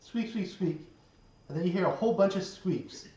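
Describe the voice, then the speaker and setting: A relaxed game master narrating a tabletop game, laughing often and stopping on many small fillers. The voice sits at an ordinary middle pitch. It comes from some way off the mic in a roomy, echoing space, and the sound is dull. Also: normal speed. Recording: roomy, distant, dull recording.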